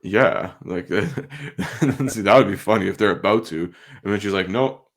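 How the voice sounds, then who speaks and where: A man's voice: fairly low pitch, a little slow, a bit bright, a little hiss or hum. A young man co-hosting a podcast in loose casual chat, swearing freely, laughing easily, and full of "like" and restarts. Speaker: podcast co-host.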